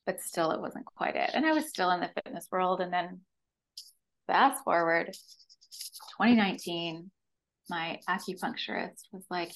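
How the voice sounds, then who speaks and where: Woman, canadian accent, podcast guest, animated storytelling, acts out her own lines. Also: on the low side, moderate pace, low-quality recording. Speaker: podcast guest, breathwork facilitator. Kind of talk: personal story in an interview.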